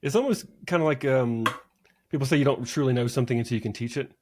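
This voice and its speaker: A man co-hosting a casual software podcast, chatty and quick to laugh, often restarting his sentences. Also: mid-range voice. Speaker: podcast co-host. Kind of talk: casual conversation about software.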